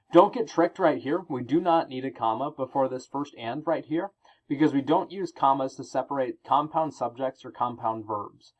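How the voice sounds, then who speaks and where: A male teacher explaining grammar rules in a recorded lesson, reading example sentences aloud and pausing between items. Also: mid-range voice, highs cut off.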